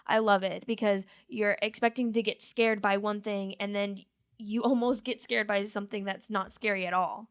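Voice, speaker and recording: A woman's voice: mid-range voice, fairly even intonation, moderate pace, clear, resonant tone. A woman co-hosting a podcast, chatting casually and gushing eagerly about a show she can't stop watching. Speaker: podcast co-host. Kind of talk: casual chat.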